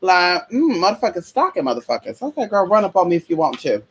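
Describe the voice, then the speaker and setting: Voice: medium pitch, sing-song, fast talker, a little hiss or hum. A vlogger telling a story in a casual, profane, chatty way, calling viewers y'all, girl and honey.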